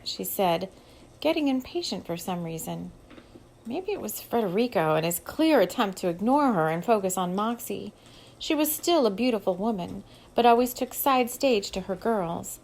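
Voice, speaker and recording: A woman's voice: mid-range voice, lively intonation, moderate pace, creaky, a little mellow, a little hiss or hum, low-quality recording. A woman steadily reading her own novel aloud as an audiobook. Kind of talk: audiobook narration.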